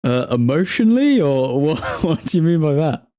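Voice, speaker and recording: A young man hosts a football watchalong livestream, trading jokes with the chat and laughing easily. His voice is mellow and warm, with a dry, close sound and an easy, casual delivery. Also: a little high, big pitch swings, moderate pace, clean tone, dry recording. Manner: joking banter, laughs often, talks to chat by name. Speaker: livestream host reading chat.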